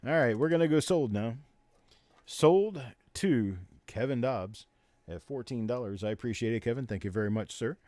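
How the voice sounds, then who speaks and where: A man hosting a live coin auction, calling bids in rapid, repetitive runs and joking between lots. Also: medium pitch, a little mellow, no room sound. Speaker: auctioneer and show host.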